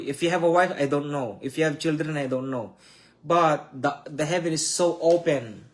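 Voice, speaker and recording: A man preaching and praying online, emotional and repetitive, with halting restarts. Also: fairly high pitch. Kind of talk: online sermon with prayer.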